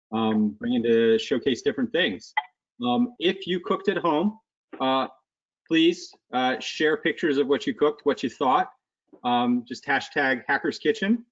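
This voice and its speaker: A man's voice: medium pitch, moderate pace, lo-fi sound. A man hosting a casual home cooking stream, talking loosely with lots of fillers. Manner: loose and rambling, many fillers. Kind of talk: casual chat.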